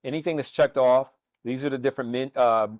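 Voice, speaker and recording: Cooking on camera, a chef walks through a recipe in a relaxed but hesitant manner, with lots of fillers and false starts. He has a mid-range voice, speaks fairly quickly, and the recording is dry.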